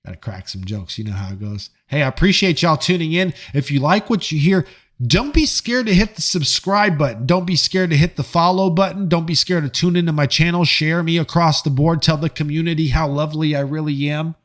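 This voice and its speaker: A man hosting a live stream, chatting casually with viewers in a joking, profane and animated way. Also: a little high, a little fast. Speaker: livestream host reading chat.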